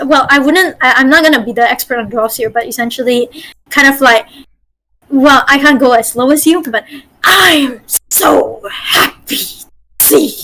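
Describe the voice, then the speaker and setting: A woman's voice: high voice, fairly bright tone, low-quality recording. A woman from Malaysia, a game master teaching voice acting over a group call, chatty and encouraging. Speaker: game master leading a workshop.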